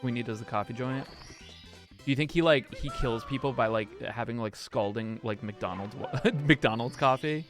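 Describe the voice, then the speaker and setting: Over background music, a young man speaks at medium pitch and normal speed while casually chatting on a live stream. His talk is rambling and profane, thick with fillers and frequent laughter.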